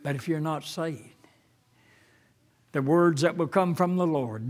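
An older pastor with a fairly high voice preaches a sermon. He halts and uses fillers, then rises fervently when quoting scripture.

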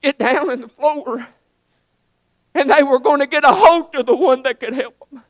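A man's voice: extremely high pitch, normal speed, dry recording. A man preaching a sermon in a folksy, earnest way, rising to emphatic swells.

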